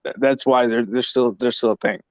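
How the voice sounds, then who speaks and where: A man's voice: medium pitch, steady tone, no echo. Stammering opinionated man on a lo-fi mic. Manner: halting, stammers and restarts, opinionated. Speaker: podcast co-host. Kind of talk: casual podcast chat. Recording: dull dry lo-fi mic.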